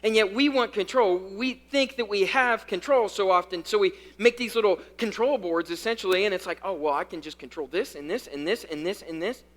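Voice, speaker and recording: A man with a high-pitched voice preaches to a youth group in a casual, conversational way. He swings between loud, quick bursts and hushed, slow lines, and repeats key phrases for emphasis. His tone is bright and forceful. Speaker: youth pastor. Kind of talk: sermon.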